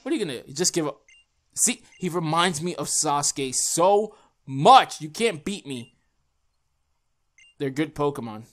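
Excitable young man playing a game. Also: a little high, unhurried, long pauses. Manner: excitable, chatty, talks to himself and viewers. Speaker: gaming YouTuber. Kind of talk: let's play commentary. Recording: faint game music behind.

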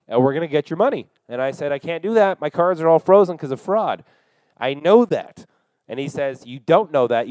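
A young man hosting a podcast, telling a long profane story in a casual, animated way and acting out the dialogue. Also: on the high side, no room sound, poor audio. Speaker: podcast host.

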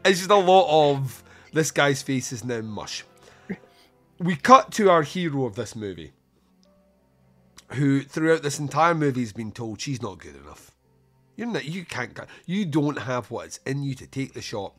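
A man's voice: mid-range voice, big pitch swings, moderate pace, pushed and bright, faint music behind. A man hosting a podcast, casually recapping a film scene by scene, swearing freely and laughing between lines. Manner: swears casually, laughs often, retells scenes with lots of fillers. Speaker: podcast host. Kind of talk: casual film review chat.

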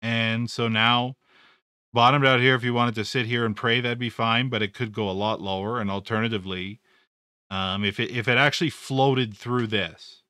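A man's voice: lowish voice, pushed and bright, clear, resonant tone, no room sound, studio quality. A man hosting a live stream, talking casually through stock charts, rambling with repeated words and jokes. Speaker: trading educator.

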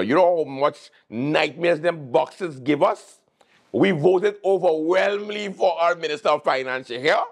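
A man's voice: high voice, voice pushed up. A man voicing fed-up tax office workers who taunt and boast.

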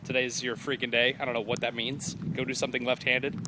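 Young male vlogger, mid-pitched, casual and jokey, phone mic outdoors, faint street noise behind. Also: little pitch movement, a little fast. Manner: rambling, jokey, with mock quoted voices. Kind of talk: casual vlog chat. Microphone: phone held at arm's length.

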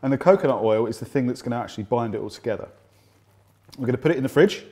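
A man giving a casual cooking demonstration as a nutrition expert, chatty and explanatory, often trailing off quietly at the ends of phrases. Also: mid-range voice, expressive, rapid-fire.

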